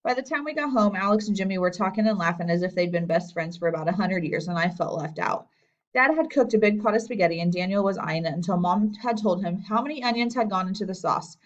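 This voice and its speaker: A woman narrating a children's novel aloud as an audiobook reader, in a lively storytelling way. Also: medium pitch, quick pace, dull audio. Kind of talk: scripted narration.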